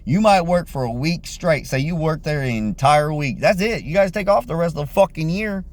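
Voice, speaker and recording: A man's voice: a little high, moderate pace. A man giving an angry, profane political rant to camera, blunt and heated. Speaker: vlogger.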